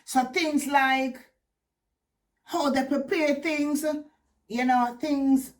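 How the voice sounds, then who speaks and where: A Jamaican woman telling stories casually to camera, animated and laughing often, mixing in patois. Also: high-pitched, very slow. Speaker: vlogger. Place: living in the West Country of England.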